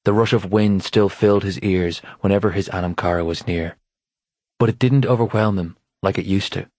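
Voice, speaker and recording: Deep voiced guy narrating a book, steady and even, dry close mic. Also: normal speed, no echo. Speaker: audiobook narrator. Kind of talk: scripted narration.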